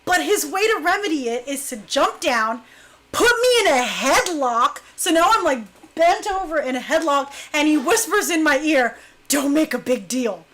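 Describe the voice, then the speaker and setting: A young adult woman casually telling a story about her dance crew, animated and laughing often as she acts out what others said. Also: high voice, normal speed, a little hiss or hum.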